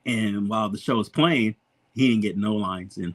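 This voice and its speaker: A man hosting a podcast, telling a story in a casual, animated way, laughing often and swearing freely. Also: on the low side, normal speed. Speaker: podcast host.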